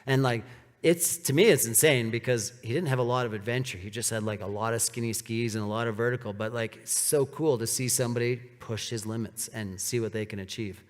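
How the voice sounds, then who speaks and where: A man giving a casual, animated storytelling talk on stage, with many "like" fillers. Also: mid-range voice, a little fast. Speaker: speaker giving a live talk. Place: large hall with an audience. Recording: reverberant hall.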